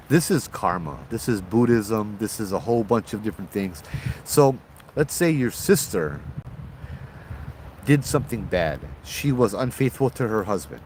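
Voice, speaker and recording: A man with a Hawaiian accent, a bit tipsy, telling ghost stories outdoors in a relaxed, rambling way with local slang. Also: on the low side, slight background noise. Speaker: host, ghost-story teller. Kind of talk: casual spoken storytelling. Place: outdoors at night.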